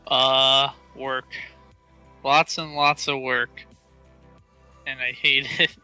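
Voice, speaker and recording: A man's voice: mid-range voice, dry recording, faint music behind, rough recording. A man co-hosting a gaming podcast, talking casually with lots of fillers and restarts. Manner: animated, halting with many fillers. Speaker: podcast co-host. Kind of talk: casual chat.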